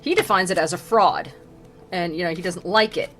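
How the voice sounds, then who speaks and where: A woman streamer casually retelling a classic poem, sarcastic, rambling and animated. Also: on the low side, moderate pace, soft background music.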